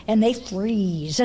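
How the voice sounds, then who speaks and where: An older woman with a husky, medium-pitched voice, a horse trainer and interview guest, tells horse-show stories in a casual conversation. She is animated, laughs often, and hushes her voice when quoting herself.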